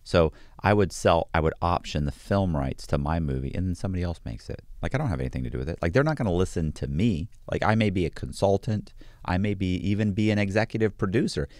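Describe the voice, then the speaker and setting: A man talking bluntly in a casual podcast conversation, animated and acting out other people as he explains. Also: sits low, fast, no echo. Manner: blunt and animated, acts out quoted voices. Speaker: guest, true crime author.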